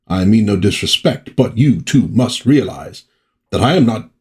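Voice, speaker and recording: A man's voice: lowish voice, animated, normal speed. A man reading comic dialogue aloud as a grandiose, theatrical male space trader lord.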